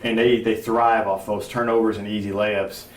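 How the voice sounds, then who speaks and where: A man's voice: fairly low pitch, level tone, normal speed, a little hiss or hum. A man with an American Midwestern accent hosting a local sports talk show, chatty and easy to laugh, working through his points with restarts. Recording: echoey room with faint ambience.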